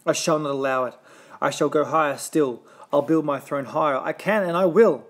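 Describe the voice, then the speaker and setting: Pompous, bellowing storybook turtle king, raised and loud, a man acting him out. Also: a little high, normal speed, close to an everyday voice. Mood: boastful bellowing. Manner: barking, bellowing, bossy.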